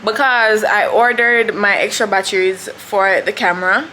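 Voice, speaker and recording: A woman's voice: medium pitch, steady tone, normal speed, bright, forceful tone, slight background noise. A young woman with a Jamaican accent, chatting casually to camera as a vlogger and thinking aloud about her plans. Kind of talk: casual vlog chat.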